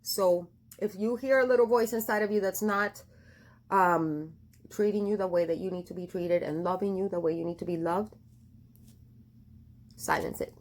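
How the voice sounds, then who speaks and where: A woman's voice: mid-range voice, normal speed. A woman giving a casual tarot reading, chatty and affectionate, with many fillers and restarts. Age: adult with a daughter. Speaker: tarot reader.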